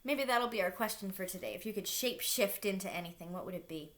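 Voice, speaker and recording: A woman's voice: medium pitch, expressive, quick pace, a bit bright. A woman reading a children's book aloud, stopping for chatty asides to young listeners.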